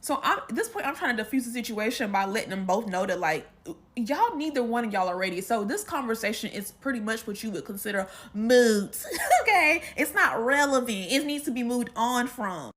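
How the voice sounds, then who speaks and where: A woman's voice: a little high, a little fast, slight background noise. Chatty woman telling a storytime. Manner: chatty, animated asides. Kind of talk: casual storytime.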